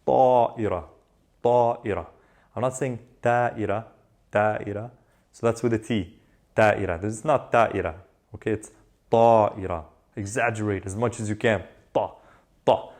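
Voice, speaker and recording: A man teaching an online lesson in a relaxed, conversational way, slowing down to repeat words for students to drill. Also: medium pitch. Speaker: Arabic teacher.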